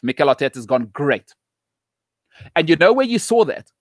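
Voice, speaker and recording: Emphatic middle-aged male host, slightly high voice, dry close sound, punchy opinion delivery. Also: big pitch swings, moderate pace, long pauses, dry recording. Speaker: show host. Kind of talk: opinionated football talk show.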